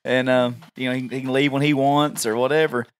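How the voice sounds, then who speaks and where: A man tells stories in a loose, rambling way and slips into the voices of the people in them. His pitch sits mid-range for a man. The recording is dry and close, with no room sound. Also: flat delivery, fairly quick, clean tone, dry recording. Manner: rambling, laughing often, acts out quotes. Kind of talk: casual storytelling chat.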